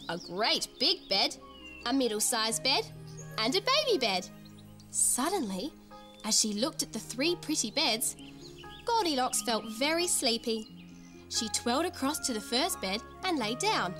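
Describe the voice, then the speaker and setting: A woman hosting a children's TV show, telling a fairy tale in a giggly, sing-song way. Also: a little high. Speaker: storyteller host. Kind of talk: children's TV storytelling.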